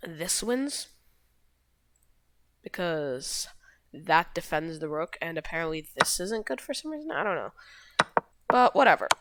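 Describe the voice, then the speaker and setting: Lively low-voiced woman explaining chess. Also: measured pace, pauses often. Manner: rambling, self-correcting, shrugs things off. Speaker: chess video host. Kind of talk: casual chess game walkthrough.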